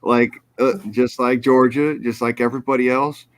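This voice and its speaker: A man in the middle range of pitch hosts a live audio panel, talking in a measured, calm, plain-spoken way. The sound is close and dry, with no room around it. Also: dry recording. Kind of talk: casual chat.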